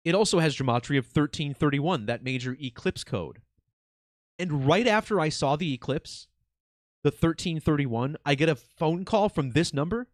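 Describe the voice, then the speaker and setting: A man talks straight to his viewers in a loose, chatty monologue, his pitch bouncing up and down as he gets worked up. He drops the odd swear word without a second thought. The sound is dry and close, with no room around it. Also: moderate pace, dry recording. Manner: excited, conversational, swears casually. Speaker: video host.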